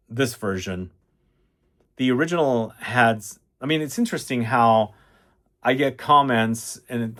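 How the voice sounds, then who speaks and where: A man's voice: medium pitch, fairly bright tone. A man casually reviewing fragrances, chatty and enthusiastic, rambling with fillers and restarts.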